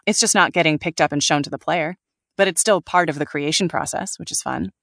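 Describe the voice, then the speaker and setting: A woman voice actor talking casually in an interview, animated, laughing often and restarting her sentences. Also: low voice, brisk, gravelly, no room sound, clean studio sound. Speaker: voice actor guest.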